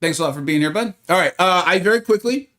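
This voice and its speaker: A man's voice: high-pitched, lively intonation, quick pace, pushed and bright. A man streaming a game live, chatting casually and greeting viewers by name in a rambling, friendly way. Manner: rambling, with many fillers.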